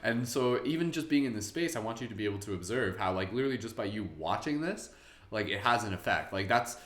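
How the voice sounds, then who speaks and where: A man's voice: on the low side, lively intonation, fast talker, fairly bright tone. Chatty man hosting a live meditation. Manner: chatty, upbeat, loose. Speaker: meditation host. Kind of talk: live-streamed guided meditation. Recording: roomy echo.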